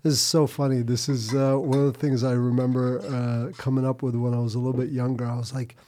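A man in casual podcast chat, talking reflectively with halting restarts. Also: mid-range voice, level tone, warm tone, a little hiss or hum.

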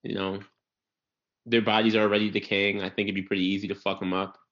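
A young man in casual, profane comedic chat, trading quick riffs and jokes. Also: on the low side, little pitch movement, a bit bright. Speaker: podcast co-host. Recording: dull lo-fi recording.

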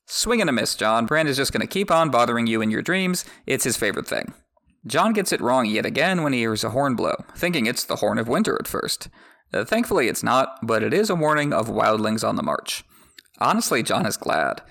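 A man hosting a chapter-by-chapter book podcast, mixing read-aloud passages with wry jokes. His mid-pitched voice carries a gravelly, creaky texture. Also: sing-song, brisk, a bit bright. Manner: wry, joking asides. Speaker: podcast host. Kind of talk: chapter recap with read excerpts.

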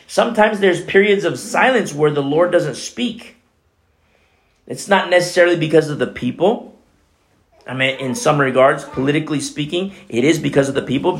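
With a fairly high-pitched voice, this man preaches as a pastor, giving a Bible teaching sermon. He keeps it conversational and often drops in "you know."

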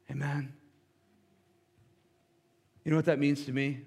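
Casting: young male worship pastor, earnest, stammering restarts, slightly high voice, long church echo. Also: level tone, measured pace, creaky, pauses often, darkish tone, breathy edge. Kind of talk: sermon. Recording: long hall reverb.

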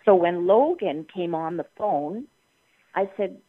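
A woman's voice: on the low side, expressive, a little slow. An older woman from Canada, upset and near tears, complaining at length on the phone and circling back over her grievance. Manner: long-winded, indignant, circling back and repeating herself. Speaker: prank call target. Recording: tinny phone line.

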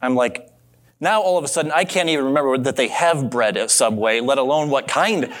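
A man preaching a sermon in a relaxed, conversational way, telling a story and asking his listeners questions. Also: medium pitch, brisk. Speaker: pastor.

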